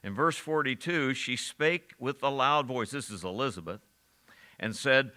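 A man's voice: mid-range voice, animated, moderate pace, pushed and bright. A man preaching a sermon, reading scripture aloud, asking his listeners questions and chuckling now and then. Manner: asks the congregation questions and reads scripture aloud; chuckles often while preaching.

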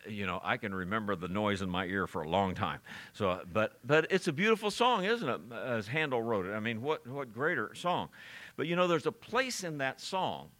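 A pastor preaching an expository sermon, earnest and halting, with frequent fillers and repeated words. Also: male voice, fairly low pitch, sharp tone.

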